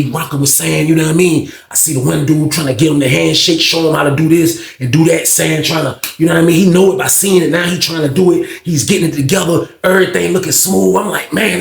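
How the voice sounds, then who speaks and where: A man with a gravelly, slightly high voice telling a casual storytime tale in heavy slang. He retells it with acted-out back-and-forth dialogue, and the recording carries a roomy echo.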